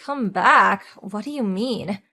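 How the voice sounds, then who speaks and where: A woman voicing a sharp-tongued divorced woman who mocks her ex-husband with cutting sarcasm. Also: mid-range voice, animated, takes it slowly, faint music behind, full character voice. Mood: wary. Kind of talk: audio drama acting.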